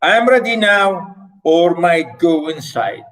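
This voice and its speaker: A man reading aloud the lines of a polite, dignified royal male envoy, slow and solemn, in a lesson. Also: a little high, very animated, a bit bright, heavily acted, rough recording.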